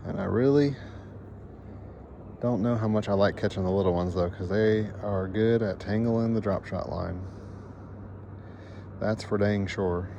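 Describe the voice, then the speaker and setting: A man's voice: on the low side, a little slow, gravelly, long pauses, dull audio. A man vlogging his fishing trip on a lake, giving casual, chatty commentary in an easygoing, self-deprecating way. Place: outdoors on a lake, fishing from a paddled boat. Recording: outdoor recording with steady background noise.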